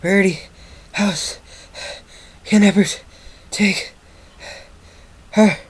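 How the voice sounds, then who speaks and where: A man voicing a young male dragon, breathless and halting, then cold and flat. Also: fairly high pitch, lightly acted. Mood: panting alarm. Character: young male baby dragon, lovesick and hurt.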